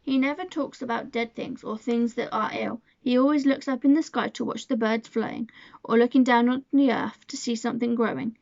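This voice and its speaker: A headstrong young girl from a storybook, earnest and insistent, voiced by a woman reading aloud. The voice sits fairly high and carries a gravelly grain. The recording is dull and lo-fi with a dry, close sound. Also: fairly even intonation, normal speed, darkish tone, no echo. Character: wilful, outspoken young girl.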